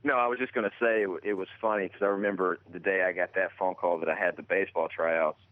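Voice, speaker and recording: A man's voice: sits low, steady tone, dry recording. Polite man in his thirties on a phone line. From Birmingham, Alabama. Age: 30s. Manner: polite, laughs easily, tells stories in quick bursts. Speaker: phone-in guest, actor. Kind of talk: casual chat. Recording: dry, muffled phone line.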